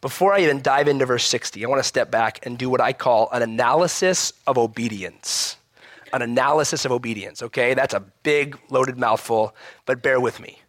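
A man preaching a sermon in an animated, conversational way, often checking in with rhetorical questions. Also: medium pitch, normal speed, no room sound. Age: adult parent. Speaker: pastor.

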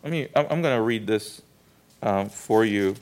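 A man's voice: fairly low pitch, lively intonation, normal speed, darkish tone. A man preaching a sermon, retelling a story with rhetorical questions to the congregation and frequent restarts. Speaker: pastor.

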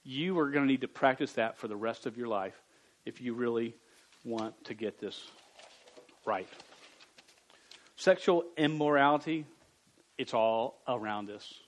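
A man preaching a sermon to young people, stammering at times and jumping from quiet reading to loud bursts. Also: mid-range voice, measured pace, long pauses, low-quality recording. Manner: stammers on words.

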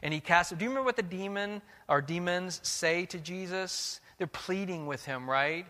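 A man's voice: sits high, normal speed, few pauses, sharp tone, long reverb tail. A man preaching a sermon as pastor, earnest and questioning, often restarting his words.

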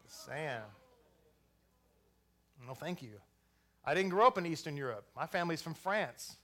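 Male preacher from Texas, high, bright voice, chatty delivery full of asides. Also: animated, unhurried. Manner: conversational preaching with asides and restarts. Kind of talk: sermon.

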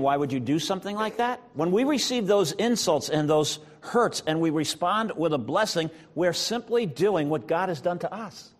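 A man preaching a sermon as pastor, talking in a conversational way with frequent fillers as he retells scripture. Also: on the high side.

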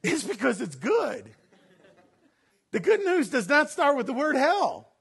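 A man with a strikingly high voice preaches a sermon to his congregation. He gets loud and laughing in his stories, then drops low and quiet to read scripture. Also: unhurried, creaky. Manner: animated preaching, swinging from loud laughing bursts to low solemn reading. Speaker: pastor.

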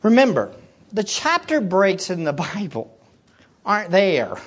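A preacher giving a sermon, swinging from hushed low teaching to loud excited exclamations and putting questions to the listeners. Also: a little slow, breathy edge, highs cut off. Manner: asks the audience questions.

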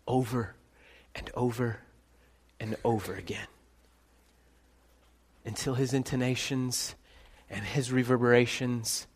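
Slow, emphatic man preaching a sermon. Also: medium pitch, breathy edge. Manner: dramatic shifts between soft and loud, calling out names. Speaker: pastor.

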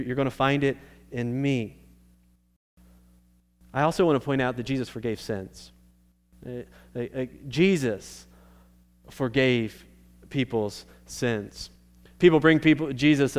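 Guy preaching a sunday sermon, smooth voice, gets emphatic, restarts a lot. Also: mid-range voice. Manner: earnest, emphatic, with frequent restarts. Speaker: pastor.

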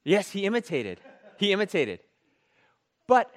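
A man's voice: high-pitched, big pitch swings, moderate pace, long pauses. A man preaching a sermon in a conversational, jokey way, repeating key phrases for emphasis and joking with the congregation. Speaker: pastor.

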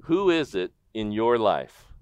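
A man preaching a sermon as pastor, animated in his storytelling and asking the congregation direct questions. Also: fairly low pitch, slow pace, smooth. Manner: animated storytelling, acting out the crowd's disbelief.

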